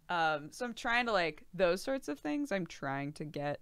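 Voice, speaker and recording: A woman's voice: on the low side, big pitch swings, measured pace, a bit bright, clean tone, dry recording. A young pregnant woman streaming, chatting casually with her viewers, laughing often and swearing freely. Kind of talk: casual chat with live chat.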